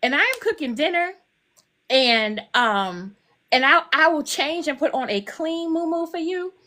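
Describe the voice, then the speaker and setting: A woman's voice: high-pitched, measured pace. An older woman, an author guest, chatting casually and acting out the people in her stories. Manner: animated storyteller, acts out quotes. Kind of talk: casual chat.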